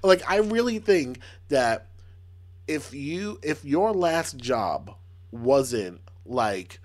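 Congested man telling lively stories. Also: medium pitch, very slow. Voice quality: accent slipping into a Boston sound. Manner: animated storytelling with playful mock quotes. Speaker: podcast co-host. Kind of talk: casual chat.

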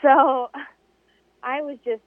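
A woman's voice: slow, dry recording. Woman telling a story over a phone line. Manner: animated, acts out quoted voices with big pitch jumps. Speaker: interview guest, desert racer. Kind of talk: storytelling in conversation.

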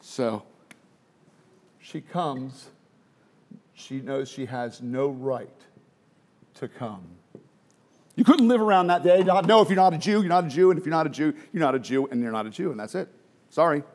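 A man's voice: on the high side, normal speed, pauses often, a little mellow. A man preaching a sermon, emphatic and full of rhetorical questions, sometimes dropping to a near whisper.

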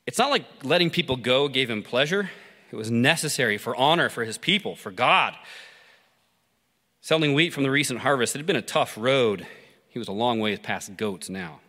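A man preaching through a story, pausing to ask listeners reflective questions. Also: mid-range voice, lively intonation, sharp tone. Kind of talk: sermon told as a story. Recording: long hall reverb.

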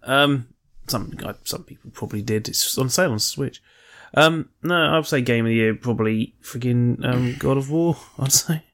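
A man's voice: medium pitch, normal speed, few pauses, fairly bright tone. A man co-hosting a podcast in casual chat, rambling, joking and swearing freely. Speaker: podcast co-host.

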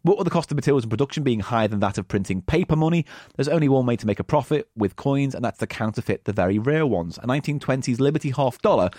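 Male co-host, lively pitch, dry close sound, sweary comic banter. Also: fast, dry recording. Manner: animated, laughs often, sweary. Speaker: podcast co-host and radio producer. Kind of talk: comedic banter, reading out facts.

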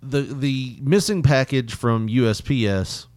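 A man's voice: mid-range voice, measured pace, a little mellow, dry recording, clean studio sound. A man co-hosting a casual chat, telling a rambling story with cursing, frequent laughs and voices he mimics. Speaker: podcast co-host.

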